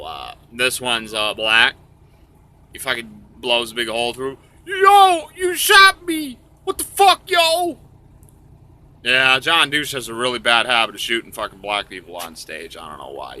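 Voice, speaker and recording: A man's voice: fairly low pitch, bright, forceful tone. A man telling a crude comic story, rambling and profane.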